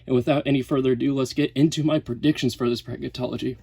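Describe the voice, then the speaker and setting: A man's voice: mid-range voice, steady tone, fast talker, gravelly, warm tone, breathy edge, dry recording. A man in a casual sports vlog, a little out of breath, rattling off lists and correcting himself mid-sentence. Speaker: sports YouTuber. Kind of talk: casual bracket breakdown vlog.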